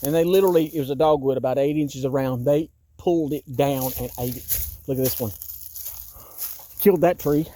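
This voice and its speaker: A man's voice: medium pitch, steady tone, fast talker, warm tone, a little hiss or hum. A man in his fifties walking outdoors through his wooded yard, talking in an agitated, exasperated rant that repeats itself. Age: 50s. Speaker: vlogger. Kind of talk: walking-tour vlog rant.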